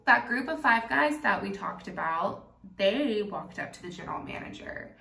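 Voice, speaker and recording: A young woman from Kentucky, telling a candid, animated story to camera while doing her makeup, laughing and swearing freely. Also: mid-range voice, moderate pace, vocal fry, roomy sound, far from the mic. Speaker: vlogger.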